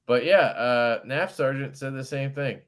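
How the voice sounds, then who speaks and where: A man's voice: mid-range voice, unhurried, fairly bright tone. A man hosting a casual livestream chat, talking in a laid-back way with frequent fillers and casual swearing. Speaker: host of a knife livestream.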